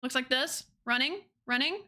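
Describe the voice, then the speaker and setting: A woman's voice: high voice, normal speed, bright, forceful tone. A woman streamer chatting casually with her viewers, bubbly and giggly. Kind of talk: casual chat with viewers while drawing.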